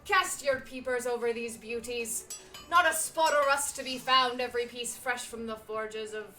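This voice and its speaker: Girl doing a big loud hearty weapon seller dude, calls u lass, bright n forceful. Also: normal speed, soft background music. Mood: boisterous. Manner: booming, calls everyone lass. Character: hearty burly male weapon merchant.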